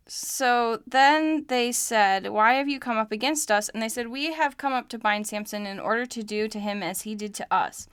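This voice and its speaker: A woman's voice: medium pitch, normal speed, hardly any pauses, clear, resonant tone, no room sound, studio quality. A young woman hosting a podcast, reading scripture aloud and breaking off with wry, joking asides. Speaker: podcast host. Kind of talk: casual Bible study podcast, reading and commenting.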